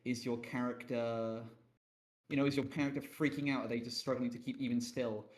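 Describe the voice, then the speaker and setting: Man on a call, mid-range voice, animated and self-deprecating, casual swearing. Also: medium pitch, fairly quick. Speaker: panelist on a roleplay Q&A stream. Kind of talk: casual chat.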